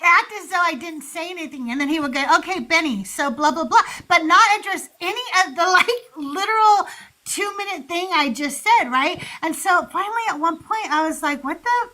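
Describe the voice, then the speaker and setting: A woman's voice: very high-pitched, normal speed, low-quality recording. A woman co-hosting a casual podcast chat, telling stories animatedly, swearing freely and acting out what others said. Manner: animated storyteller, swears freely, acts out quotes. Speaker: co-host.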